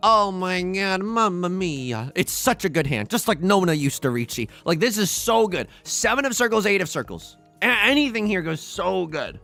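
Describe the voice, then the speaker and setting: A man's voice: sits high, very animated, normal speed, gravelly, hardly any pauses, bright, forceful tone, soft background music. A man streaming a tile game, joking and pleading dramatically as he plays. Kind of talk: casual livestream commentary.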